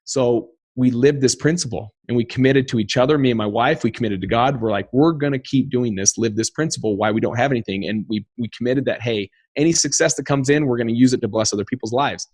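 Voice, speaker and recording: A man in his thirties, a podcast guest, telling a personal story in an earnest, animated way and acting out the quotes. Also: mid-range voice, quick pace, few pauses, husky, dry recording.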